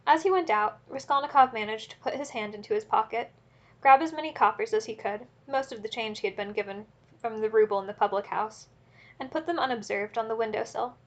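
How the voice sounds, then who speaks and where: A woman narrating a classic novel as an audiobook in a steady, measured reading. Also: a little high.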